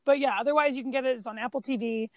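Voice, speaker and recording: A woman's voice: high voice, fairly even intonation, very fast, no room sound. A woman co-hosting a casual movie podcast, quizzing her co-host and retelling film scenes. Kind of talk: casual chat about movies.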